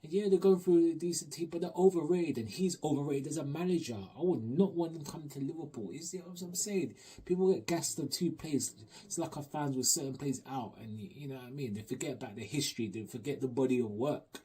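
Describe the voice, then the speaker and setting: A man giving an animated, slang-heavy, rambling match review as a football fan. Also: on the high side, quick pace, few pauses, slightly rough. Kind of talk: excited football fan rant.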